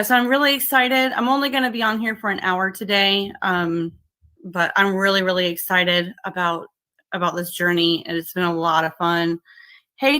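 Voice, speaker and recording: A woman with a light drawl chats slowly on a livestream, her bright, forward voice stopping and restarting around fillers. She keeps greeting viewers and saying how excited and thankful she is. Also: medium pitch. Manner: halting, many fillers and restarts. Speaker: livestream host.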